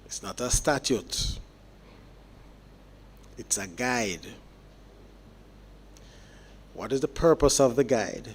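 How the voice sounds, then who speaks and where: A man, a judge delivering sentencing remarks in court in a measured, explanatory way with deliberate pauses. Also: mid-range voice, animated, a little hiss or hum.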